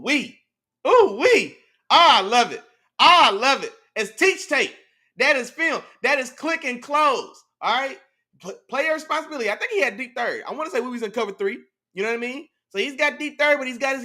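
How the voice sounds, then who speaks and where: A man hosting a casual sports talk show, animated and slangy, reacting to his live chat and breaking down plays. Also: very high-pitched. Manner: animated, slangy, repeats "you know what I'm saying". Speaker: podcast host.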